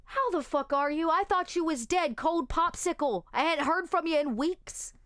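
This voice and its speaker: A brash, swearing wasteland gang boss, as a woman game master puts him on, his voice pushed up high and loud. He sounds rough and crude, and it comes across dry and close. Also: moderate pace, dry recording. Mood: indignant, brash.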